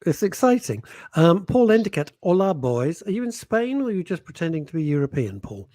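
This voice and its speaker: Playful man, lively high voice. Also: no echo. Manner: playful, teasing, quick asides and mock outrage. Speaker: radio show co-host. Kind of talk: casual banter, reading listener messages.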